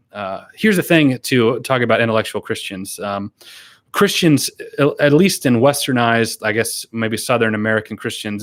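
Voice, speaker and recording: A man's voice: fairly low pitch, fairly bright tone. A man chatting casually on a live stream, rambling with fillers and laughs, and earnestly thanking viewers. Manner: earnest and grateful when thanking donors. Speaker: YouTuber hosting a live stream. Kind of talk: casual live-stream chat, reading and answering viewer comments.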